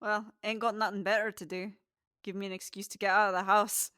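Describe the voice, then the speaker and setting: A woman doing an easygoing tavern buddy from a tabletop game, casual and joking. The voice is bright and the room is dry. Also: medium pitch, little pitch movement, brisk, dry recording, lightly acted. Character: male tavern friend, father of toddlers, easygoing.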